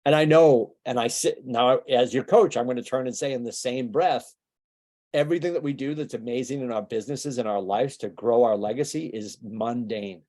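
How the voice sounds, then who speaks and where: Male coach, warm and low-key tone, casual motivational trainer who asks questions a lot. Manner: conversational, rapid-fire rhetorical questions. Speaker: business coach.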